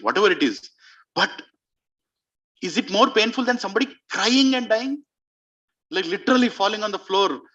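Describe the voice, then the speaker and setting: A man's voice: fairly high pitch, sharp tone, muffled recording. A man telling a devotional story as a sermon to an audience in a community clubhouse. He speaks emphatically and keeps putting questions to his listeners. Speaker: spiritual speaker.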